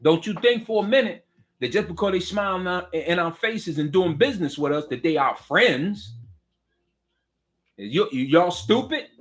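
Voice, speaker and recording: A man's voice: high voice, fairly bright tone. A middle-aged man, delivering a heated political rant. He preaches with fire, repeats himself and throws direct questions at the listener. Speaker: political commentator.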